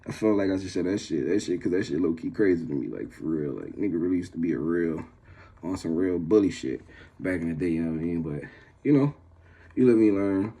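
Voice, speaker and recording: A man's voice: animated, fairly quick, husky. A man casually telling a story to his viewers, slangy and rambling, with many restarts. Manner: gets loud and high when the story turns tense.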